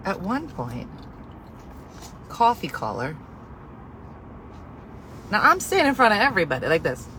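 A woman telling a comic story in an animated, exasperated way, with sarcastic asides. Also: mid-range voice, a little slow, long pauses, slight background noise.

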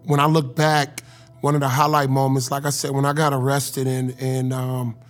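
A man's voice: mid-range voice, completely flat delivery, normal speed. A man telling his life story in an earnest, emotional, casual way, as a former football player. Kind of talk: personal storytelling.

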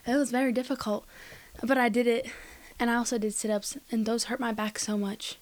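A woman's voice: a little high, fairly even intonation, a little fast. A teenage girl chatting casually on a family podcast, rambling with lots of likes and ums. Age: teen. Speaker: co-host, child.

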